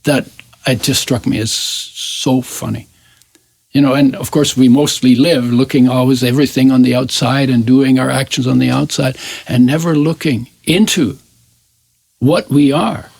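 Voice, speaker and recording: A man's voice: mid-range voice, steady tone, moderate pace, creaky, a little mellow, slightly rough, no echo. A man in his eighties, a guest in an interview, telling his life story in a reflective, searching way that often trails off mid-sentence. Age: 80s.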